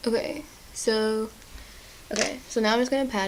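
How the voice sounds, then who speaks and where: A woman's voice: fairly high pitch, fairly even intonation, brisk, a little hiss or hum, poor audio. A young woman chatting casually through a makeup tutorial at home, apologetic and self-deprecating. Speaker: beauty vlogger.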